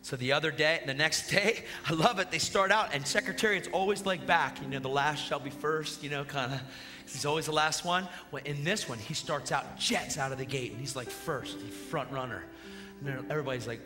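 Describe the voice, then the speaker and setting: A man preaching a sermon, excitable and slangy, retelling a movie with gusto and calling the church to action. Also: a little high, normal speed. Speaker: guest preacher. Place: church hall with live audience. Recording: church hall reverb with music behind.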